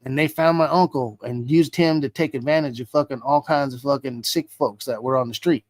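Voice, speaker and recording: A man's voice: medium pitch, fairly even intonation, a little fast, no echo. A man, a guest on an interview show, telling a story with constant swearing and acting out the dialogue. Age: adult. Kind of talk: casual storytelling.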